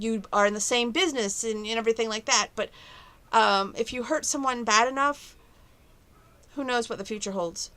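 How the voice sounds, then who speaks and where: Chatty, bright-voiced woman vlogging at home. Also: fairly high pitch, brisk. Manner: chatty, opinionated, rambling. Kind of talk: casual chat to camera. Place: bedroom at home.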